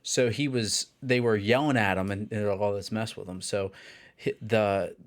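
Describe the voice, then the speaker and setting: A man, co-hosting a podcast and telling a long, rambling anecdote in casual chat, acting out the shouting of people in his story. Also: lowish voice, fairly even intonation, normal speed. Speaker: podcast co-host.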